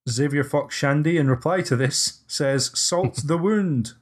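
A man's voice: fairly high pitch, unhurried, breathy edge. A man hosting a casual podcast discussion, hesitant and often restarting his sentences. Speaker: podcast host.

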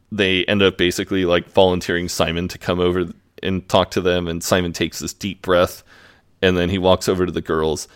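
A man's voice: deep voice, fairly bright tone, clean tone. A man co-hosting a podcast, casually retelling a TV episode in a rambling way, full of "like" and "uh". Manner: rambling, filler-heavy retelling with "like". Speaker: podcast co-host. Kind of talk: casual chat recapping a TV episode.

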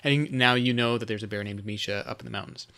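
A man in casual podcast chat, enthusiastic and quick to praise ideas. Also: on the low side, sharp tone.

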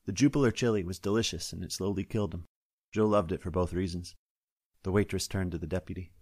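A man, the author, reading his science-fiction story aloud in a steady, wry narrating manner. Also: sits low, quick pace, dry recording. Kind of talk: scripted audiobook narration. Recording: dry close-up studio sound.

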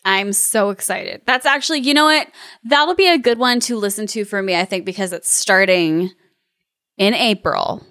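A woman's voice: mid-range voice, normal speed, fairly bright tone, dry recording, clean studio sound. A woman co-hosting a podcast in casual chat, gushing and laughing often. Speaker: podcast co-host.

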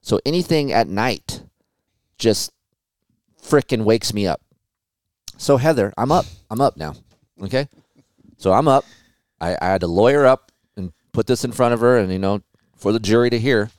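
A man in his forties hosting a podcast, telling stories in a casual, animated way with plenty of swearing. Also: lowish voice, moderate pace, long pauses, no echo. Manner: animated storytelling with profanity. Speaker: podcast host. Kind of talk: casual chat.

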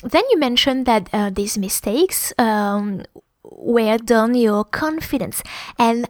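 French-accented woman, halting and chatty. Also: fairly high pitch, no echo. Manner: hesitant, many ums and restarts. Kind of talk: conversational advice monologue.

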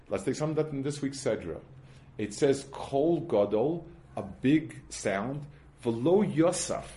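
With a mellow, mid-range voice, a Torah teacher walks his class through a religious text one step at a time. He leans on everyday examples and speaks haltingly, often starting sentences over.

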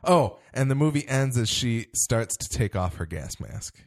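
A man in a casual podcast chat, easygoing and quick to laugh as he recounts a film's ending. He talks in a relaxed, conversational way. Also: medium pitch. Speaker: podcast co-host. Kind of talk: casual movie discussion.

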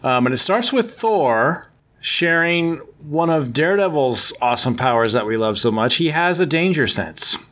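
A man's voice: on the high side, lively intonation, normal speed, a bit bright. A man hosting a podcast, recapping a comic book story in a casual, rambling way, full of fillers and self-corrections. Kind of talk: casual chat.

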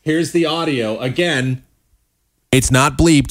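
A man hosting a talk show, giving casual, sarcastic commentary with quick asides. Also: mid-range voice, dry recording, clean studio sound. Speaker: show host.

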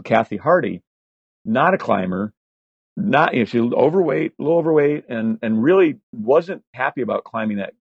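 In a casual storytelling interview, a guest in his sixties spins animated anecdotes, cursing freely and padding pauses with fillers. His husky voice sits at a middle pitch. The audio is dry, slightly dull and lo-fi, with no room sound.

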